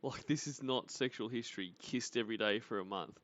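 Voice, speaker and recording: A man's voice: medium pitch, brisk, a bit bright, highs cut off. A man hosting a livestream, chatting casually with viewers and teasing them with dry sarcasm. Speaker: livestream host. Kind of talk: casual chat greeting viewers.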